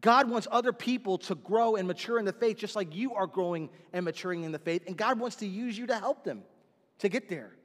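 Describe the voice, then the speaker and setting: As pastor, a man delivers a sermon full of animated stories, voicing the people in them. His voice is high-pitched and fairly quick, trailing a long reverb.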